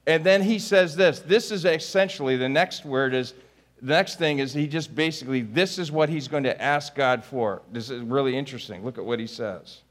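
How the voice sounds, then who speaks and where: A man preaching a sermon, rising to near-shouted pleas and dropping to a low, quiet voice. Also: normal speed. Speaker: pastor.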